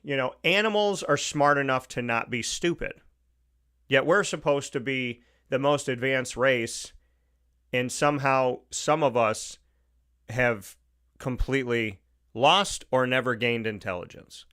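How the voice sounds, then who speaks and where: A male talk show host with an Upstate New York accent, holding forth in an opinionated monologue at a mid-range pitch. He is emphatic, hammers his points by repeating them, and slips into little acted-out quotes. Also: a little slow, fairly bright tone, clean tone.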